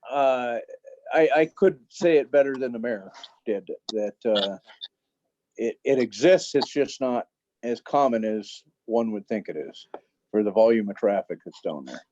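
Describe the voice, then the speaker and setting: Cop on a call, firm and blunt, dry dull sound. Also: male voice, medium pitch, lively intonation, a little slow, darkish tone, dry recording. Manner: blunt, firm, matter-of-fact. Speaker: police officer. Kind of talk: remote council meeting report.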